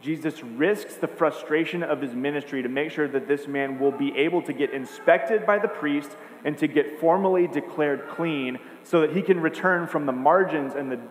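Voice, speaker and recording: A man's voice: on the high side, normal speed, hardly any pauses. Man preaching in an echoey hall. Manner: earnest, emphatic preaching with repeated phrases. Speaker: pastor. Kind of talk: sermon. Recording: echoey hall, faint hum.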